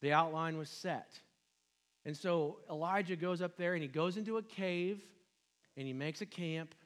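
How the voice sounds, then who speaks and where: A man's voice: fairly high pitch, normal speed. A man preaching a sermon, retelling a Bible story in casual words, asking his listeners questions and acting out the quoted lines. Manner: retells scripture conversationally, asks the listeners questions; acts out quoted lines with dropping and rising voice. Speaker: pastor.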